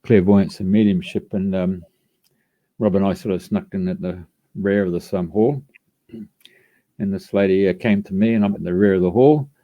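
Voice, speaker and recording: A man's voice: sits low, steady tone, normal speed, pauses often, narrow, tinny audio. A man hosting a live radio show, introducing a guest in a rambling way with many fillers. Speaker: radio host.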